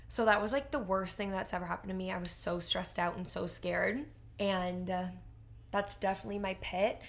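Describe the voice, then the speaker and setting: A woman co-hosts a podcast and tells a story in a chatty, animated way. She fills her sentences with casual fillers and keeps the flow easy. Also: medium pitch. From Boston area. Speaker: podcast co-host. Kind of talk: casual chat.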